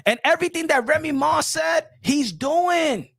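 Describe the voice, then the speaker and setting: A man runs his boxing commentary channel in a high, gravelly voice. He lectures loudly, hammers the same phrases again and again, and talks straight to the fighter he is criticizing. The recording sounds close and completely dry. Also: animated, measured pace, no echo. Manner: loud, preachy, repeats himself, addresses the subject directly. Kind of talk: emphatic boxing commentary vlog.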